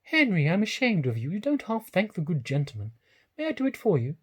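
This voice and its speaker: A man reading aloud and voicing a sweet, anxious young woman who pleads and teases softly. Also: wildly swooping pitch, brisk, slightly rough, heavily acted. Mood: chiding. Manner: soft, pleading and raised in pitch.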